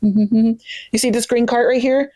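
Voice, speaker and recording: A woman's voice: on the high side, fairly even intonation, moderate pace, mellow, no echo. A young woman chatting casually to camera about books, gushing and full of fillers. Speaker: book vlogger.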